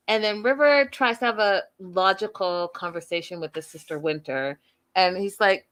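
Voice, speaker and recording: Woman doing a tv recap, super chatty and gossipy, kinda dramatic, mid pitch. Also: moderate pace, fairly bright tone. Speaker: TV recap show host. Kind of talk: casual recap chat to viewers.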